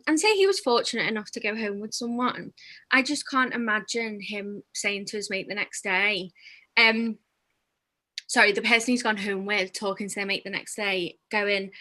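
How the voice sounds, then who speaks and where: A woman's voice: medium pitch, moderate pace, sharp tone, low-quality recording. A young woman comedian doing a chatty, self-deprecating stand-up set over a video call, laughing between jokes. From England.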